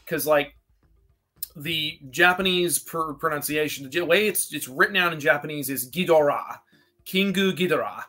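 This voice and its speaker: Guest expert, male; bright, slightly high voice; rambling, restarts, laughs a lot. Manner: rambling, self-interrupting, quick laughs. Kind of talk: casual chat.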